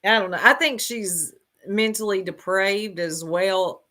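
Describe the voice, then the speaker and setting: A woman's voice: mid-range voice, measured pace, pushed and bright. A woman giving casual reaction commentary, blunt and sarcastic, laughing often and talking straight to her chat.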